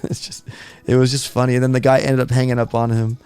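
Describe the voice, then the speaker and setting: A man's voice: medium pitch, level tone, fast talker, darkish tone, clear, resonant tone, faint music behind. A man in his thirties hosting a gaming live stream, chatting casually and rambling with frequent restarts. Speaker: gaming channel host.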